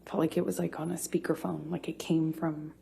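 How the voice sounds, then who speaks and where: Woman, trial witness, low and dark-toned, very slow and halting delivery, courtroom mic. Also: little pitch movement, creaky, slight background noise. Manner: halting, with many restarts and pauses. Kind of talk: courtroom testimony.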